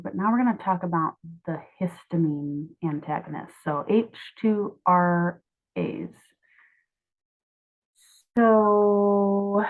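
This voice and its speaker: A young woman in her twenties walks through her own drug mnemonic drawings in a chatty, offhand way, correcting herself as she goes. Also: mid-range voice. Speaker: student explaining drug mnemonics. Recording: tinny phone-like sound.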